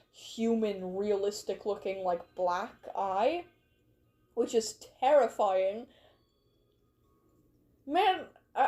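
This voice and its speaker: A woman's voice: high voice, warm tone. A young woman streamer chatting casually and reading fan stories, bubbly and rambling, easily sidetracked. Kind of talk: casual livestream chat.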